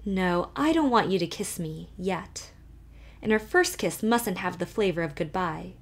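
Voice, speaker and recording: A woman voicing a gentle, wry grown man in an audiobook, speaking fondly and softly. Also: on the low side, expressive, measured pace.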